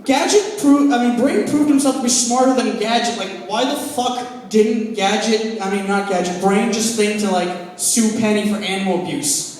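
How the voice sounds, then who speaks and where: A man's voice: high voice, normal speed, hardly any pauses, a little mellow. A young man in his twenties performing a profane, conversational stand-up set on a comedy club stage. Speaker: stand-up comic. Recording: echoey club, captured from far off.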